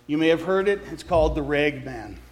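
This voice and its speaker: A man's voice: fairly high pitch, expressive, a little fast. A man, a pastor, reading a story aloud in a sermon, catching and correcting his small slips as he goes.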